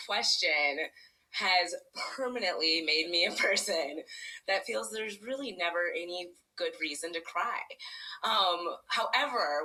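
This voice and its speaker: A woman's voice: low voice, sharp tone, poor audio. A woman in her thirties telling a personal story on stage, chatty and self-deprecating, laughing often and filling with "like". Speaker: storyteller, parent and educator.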